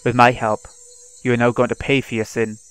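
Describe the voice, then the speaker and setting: A man's voice: medium pitch, little pitch movement, fairly quick, a bit bright, smooth, no room sound, natural voice. A man reading the lines of a vengeful teenage girl tormenting her captive, in a cold, mocking manner, in his own voice. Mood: taunting.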